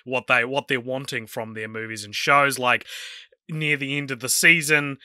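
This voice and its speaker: A man's voice: medium pitch, steady tone, moderate pace, pushed and bright, clean tone, dry recording, studio quality. A man co-hosting a podcast, talking in a wry, rambling way with many fillers. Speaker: podcast co-host. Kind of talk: casual chat.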